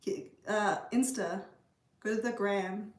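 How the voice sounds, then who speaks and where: A woman's voice: medium pitch, steady tone, slow, roomy sound. A woman from Canada hosting a casual livestream, chatting and answering viewer comments. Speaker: livestream host. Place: room at home with a pet bird.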